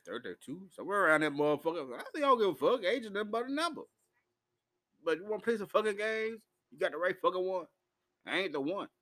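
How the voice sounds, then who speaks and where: A man's voice: on the high side, fairly bright tone. Man in his 40s, intoxicated, profane rambling live stream, swoops all over. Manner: profane, rowdy, loose storytelling.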